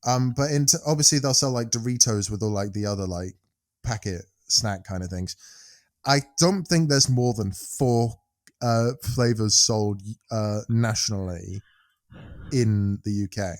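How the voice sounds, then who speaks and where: A man's voice: lowish voice, measured pace, no room sound, studio quality. A British man co-hosting a podcast in casual, rambling chat that often trails off mid-sentence. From United Kingdom. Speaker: podcast co-host.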